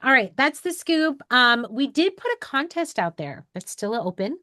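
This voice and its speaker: A woman's voice: sits high, sing-song, normal speed, bright, forceful tone, no room sound. Brief: woman, 40s, from New York, candid rambling talker, dry close sound. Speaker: photographer and educator hosting a live call. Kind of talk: casual personal storytelling to an online group.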